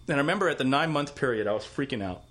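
Guy actor telling stories in an interview, really lively up-and-down voice, acts out everybody. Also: medium pitch, very fast. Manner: animated storyteller, acts out voices. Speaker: actor, guest. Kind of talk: casual storytelling interview.

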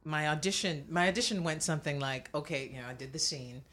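Bright-voiced low woman telling stories. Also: quick pace. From Cuban family. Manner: animated storytelling, laughs often, many restarts. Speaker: actress guest. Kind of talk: casual interview talk.

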